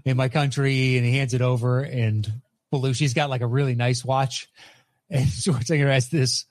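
A man's voice: medium pitch, steady tone, moderate pace, no echo. Man casually recapping movies, dry sound. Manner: rambling, recaps plots with filler words. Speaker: podcast co-host.

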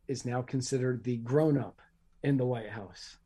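A man's voice: medium pitch, normal speed, mellow, slightly rough. A man co-hosting a podcast who speaks earnestly and emphatically and often repeats his points. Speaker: podcast co-host. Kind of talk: casual chat.

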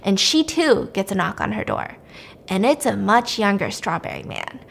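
A woman podcast host recapping a film plot in a casual, animated way, acting out the characters as she goes. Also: medium pitch, normal speed, vocal fry, slight background noise.

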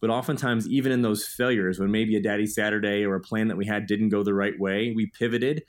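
A man's voice: on the low side, fairly even intonation, fast. A man in his thirties, a guest author telling stories in an earnest, upbeat way in a podcast interview.

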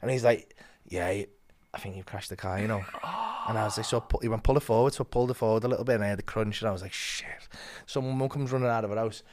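A man telling a story as a comedian guest, swearing a lot and acting out quotes with big swings in loudness. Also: on the low side, steady tone, rapid-fire. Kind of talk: animated storytelling.

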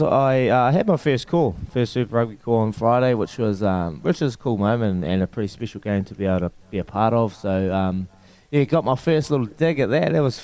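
A man's voice: mid-range voice, a little mellow, clear, resonant tone. A man, a rugby player co-hosting a sports podcast in a laid-back way, laughing easily. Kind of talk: casual sports chat.

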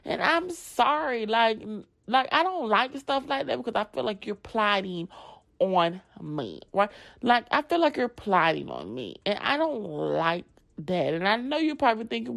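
A woman telling a story casually, animated and profane, dropping into dramatic whispers. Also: on the high side, a little slow, gravelly.

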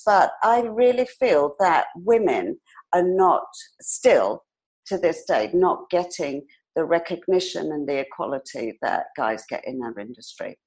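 An older British woman with a slight New York twang in her speech, sitting for a relaxed podcast interview. Her voice sits a little low, and she tells her stories with energy, laughing now and then. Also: rough recording. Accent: British with some New York twang. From Britain. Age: 60s. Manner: animated storyteller, acts out quoted voices, laughs often. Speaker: hair industry educator and guest.

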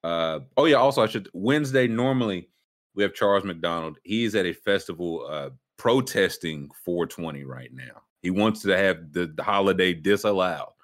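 A man's voice: low-pitched, expressive, moderate pace. A man hosting a casual sports and news podcast, joking and riffing with his co-hosts. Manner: joking, riffs in bits. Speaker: podcast host. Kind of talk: casual chat.

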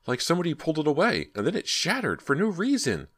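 Guy reading as a freaked-out teen girl, screechy high voice, horror audiobook. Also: wildly swooping pitch, moderate pace, sharp tone, no room sound, exaggerated voice. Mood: dazed, shaken. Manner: shrieking, shrill and frantic. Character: terrified bleeding teenage girl.

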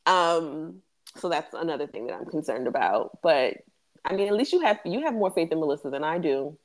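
A woman in her thirties with a low voice co-hosts a casual podcast. She talks in a chatty way, full of fillers and easy laughter. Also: lively intonation, fairly quick. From West Indies. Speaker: podcast co-host. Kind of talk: casual chat.

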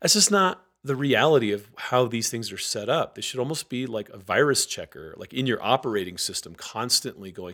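A man, a guest author, talking casually in an interview and acting out quoted voices with lively energy. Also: mid-range voice, fairly quick, few pauses. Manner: animated, acts out quoted voices.

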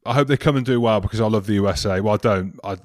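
A man's voice: lowish voice, very fast, no echo, studio quality. A man co-hosting a podcast in casual banter, joking and teasing and often breaking into laughter. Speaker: podcast co-host.

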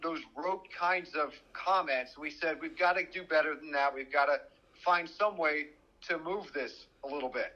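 A man's voice: on the high side, moderate pace, lo-fi sound. A man who works as a news reporter, talking on a podcast and recounting events in a direct way. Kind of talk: conversational true-crime podcast.

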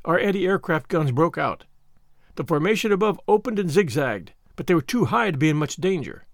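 A man narrating a novel in the first person, measured and earnest. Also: a little high, gravelly, no echo, studio quality. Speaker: audiobook narrator. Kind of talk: scripted narration.

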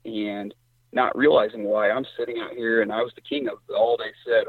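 A middle-aged man from Indiana, a hunter telling stories in casual talk and jumping up in pitch when he quotes others. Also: fairly quick. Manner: animated storyteller, voice jumps high when quoting others. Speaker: guest hunter. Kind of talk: casual storytelling. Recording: tinny phone line.

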